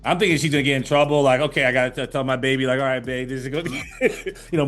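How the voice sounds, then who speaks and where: An older man is a guest on a casual interview. He tells animated anecdotes at a mid pitch and acts out the voices of the people in his stories. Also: very fast, few pauses, soft background music. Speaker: actor guest.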